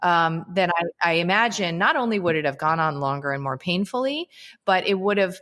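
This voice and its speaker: Woman, interview guest and author, earnest and reflective, slightly low voice. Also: lively intonation, fairly quick, fairly bright tone. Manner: earnest, frequent "you know" and "right?" asides. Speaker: guest, holistic psychiatrist and author. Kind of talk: casual reflective interview talk.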